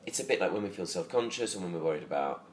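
A man's voice: low voice, lively intonation, rapid-fire, slight background noise. A man co-hosting a podcast in casual chat, dry and self-mocking, recorded in an echoey bedroom. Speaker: podcast co-host. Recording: echoey room, faint ambience.

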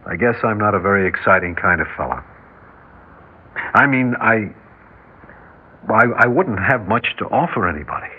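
A man's voice: lowish voice, expressive, normal speed, long pauses, breathy edge. An actor in his forties playing a shy, kindly bachelor who owns a filling station, talking hesitantly and stammering in an old radio drama. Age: 40s. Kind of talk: 1950s radio drama acting. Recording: tinny old radio broadcast.

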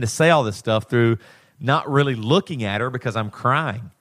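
A man's voice: medium pitch, moderate pace, fairly bright tone, dry recording, studio quality. A man in his thirties, a podcast co-host, telling a personal story in a rambling, emotional way with many restarts. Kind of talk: casual chat.

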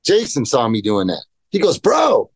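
Middle-aged male skater guest, animated storyteller, swears freely, slightly high voice, dry close mic. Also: normal speed, no room sound. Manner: animated, profane, acts out quotes in voices. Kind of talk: casual storytelling chat.

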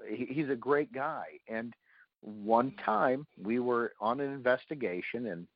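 A man telling anecdotes in a casual, animated way, full of fillers, as an interview guest. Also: mid-range voice, measured pace, creaky, no room sound, lo-fi sound. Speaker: paranormal investigator guest. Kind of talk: casual storytelling.

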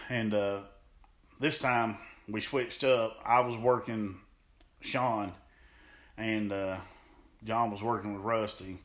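This pro wrestler speaks slowly with a fairly low pitch and frequent pauses. Telling stories as an interview guest on a podcast, he stays animated, voicing other people's lines and laughing a lot.

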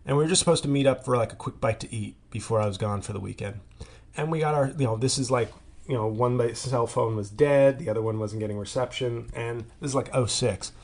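A man's voice: mid-range voice, brisk, a little mellow. A man in his thirties hosting a podcast, telling a rambling, crude, self-mocking comic monologue. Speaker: podcast host. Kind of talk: casual comedic monologue.

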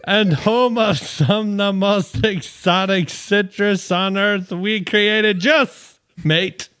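A man doing a hammy mock Australian voice, half-laughing through a drink label, drawn out and a little higher than a typical man's voice. He leans into every accent vowel with playful over-the-top delivery. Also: a bit bright, heavily acted.

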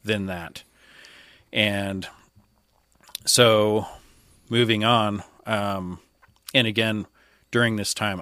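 A man's voice: low-pitched, bright, forceful tone, no echo. A young man, a firefighter and podcast guest, telling his story candidly and casually, quoting what others said to him.

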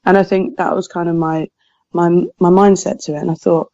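Young woman guest, chatty storyteller, lowish mellow voice, muffled. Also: little pitch movement, fairly quick, no room sound. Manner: chatty storyteller, many fillers. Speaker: podcast guest. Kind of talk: casual chat.

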